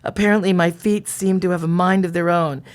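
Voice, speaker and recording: A woman's voice: lowish voice, steady tone, brisk. A middle-aged woman co-hosting a comedy show, reading a steamy diary aloud with dramatic flair between banter. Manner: reads dramatically, breaks into laughter, tries bad accents.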